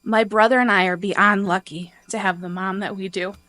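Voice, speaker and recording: A woman's voice: mid-range voice, steady tone, moderate pace, bright, forceful tone, no echo. Earnest woman reading a heartfelt tribute. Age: adult. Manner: earnest, emotional, tearful at times. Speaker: congregation member giving a tribute. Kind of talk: reading a prepared personal tribute. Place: church sanctuary.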